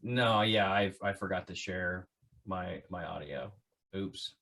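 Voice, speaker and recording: Lively joking male podcast host. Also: low voice, slow pace. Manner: joking, teasing, reads out facts. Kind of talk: casual chat.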